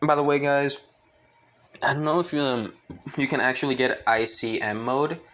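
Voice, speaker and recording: A man's voice: mid-range voice, fairly even intonation, normal speed, a bit bright. Rambling young man telling a fan story. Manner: rambling, many fillers and restarts. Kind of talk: improvised fan-story narration.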